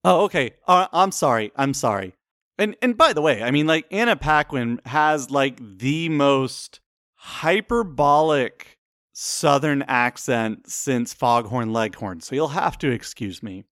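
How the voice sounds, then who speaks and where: A man's voice: medium pitch, animated, unhurried, fairly bright tone, dry recording, clean studio sound. A man co-hosting a film discussion, mixing scripted narration with playful, wry banter. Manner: playful, wry, self-deprecating. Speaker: co-host of a film discussion show.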